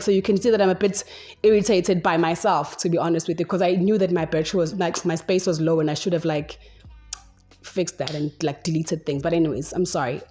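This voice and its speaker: A woman's voice: fairly low pitch, mellow. A young adult woman with a South African accent, hosting a solo podcast and talking unscripted in a rambling, chatty way. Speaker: podcast host. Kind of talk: casual solo podcast monologue.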